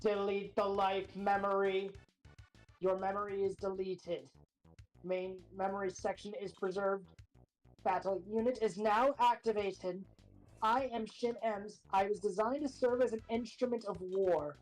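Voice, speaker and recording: A woman voicing a female teacher who turns out to be a war robot, read in a calm, measured way. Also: mid-range voice, faint music behind, lightly acted, poor audio. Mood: flat robotic.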